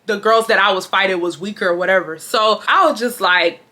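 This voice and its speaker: A woman's voice: medium pitch, a little fast. A woman, telling a casual storytime with slang and swearing. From Houston, Texas. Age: 20s. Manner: animated, slangy, swears freely. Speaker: storytime vlogger.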